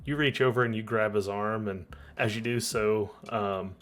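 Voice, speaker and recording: A man running a tabletop game as game master, narrating in a relaxed, rambling way. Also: lowish voice, normal speed.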